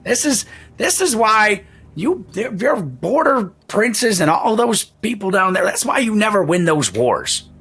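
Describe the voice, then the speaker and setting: A man's voice: big pitch swings, measured pace, creaky, a bit bright, husky, exaggerated voice. A man voicing a cranky, hunched old male shopkeeper who takes offense easily, in a tabletop game. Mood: indignant rant. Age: old man figure. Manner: shrill, indignant, easily outraged.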